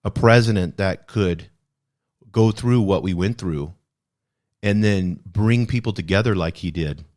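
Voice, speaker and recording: A man's voice: sits low, a little slow, a little mellow. A man hosting a podcast, discussing a self-help book in an earnest, reflective way and repeating key phrases for emphasis. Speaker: podcast host.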